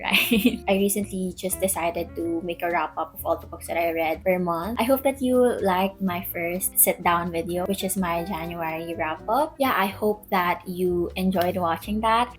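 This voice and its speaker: A young woman with a Filipino accent hosting a casual sit-down book review vlog, chatty and giggly, slipping into Tagalog phrases. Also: on the low side. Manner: chatty and giggly, playful code-switching. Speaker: book vlogger.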